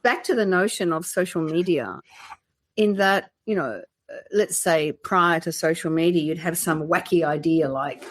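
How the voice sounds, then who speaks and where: Aussie woman podcast host, lowish voice, deadpan jokes, chatty. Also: moderate pace. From Australia. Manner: dry joking, acts out voices in anecdotes. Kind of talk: casual chat.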